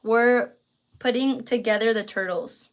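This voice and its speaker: A woman's voice: on the high side, steady tone, a little slow, clear, resonant tone. A young woman hosting a casual live stream, talking to her viewers in a chatty, slangy way and close to tears. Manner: chatty, full of fillers and slang. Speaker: livestream host.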